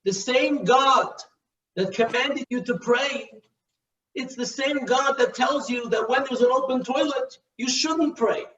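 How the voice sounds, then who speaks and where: A man's voice: extremely high pitch, measured pace, a bit bright. A man voicing an earnest old rabbi teaching. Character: wise, gentle Hasidic rabbi brother. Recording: echoey, distant, dull video call.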